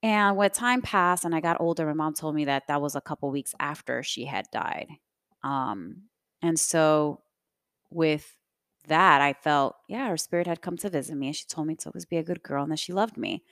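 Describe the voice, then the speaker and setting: Low-voiced woman telling a personal story. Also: no room sound, clean studio sound. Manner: reflective, conversational with frequent fillers. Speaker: podcast host.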